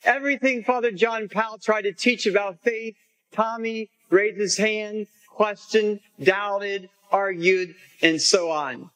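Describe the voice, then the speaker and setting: A priest tells a story in a homily, gentle and unhurried. His voice is high for a man, and he speaks slowly and carefully. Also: poor audio.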